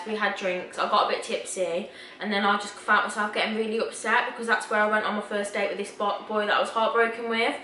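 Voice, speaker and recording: A young woman hosts a casual chat, giggly and loose, with a bright, crisp tone. She sounds a bit far from the mic, in an echoey room. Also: mid-range voice, a little hiss or hum. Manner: chatty, giggly, says "like" a lot. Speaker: YouTube host. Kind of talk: casual girl-talk chat.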